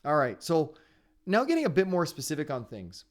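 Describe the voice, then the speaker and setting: Male webinar host, rapid and upbeat, slightly higher voice, cheers on his attendees. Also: wildly swooping pitch. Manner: fast-talking; upbeat and encouraging. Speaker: webinar host and sales trainer. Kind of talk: live online training webinar. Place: his home area in Ontario.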